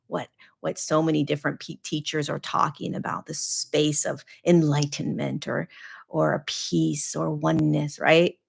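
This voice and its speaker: A woman's voice: low voice, level tone, measured pace, creaky, breathy edge. A woman spiritual teacher hosting a live question-and-answer talk, speaking earnestly in a repetitive coaching cadence with frequent fillers. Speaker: spiritual teacher and podcast host.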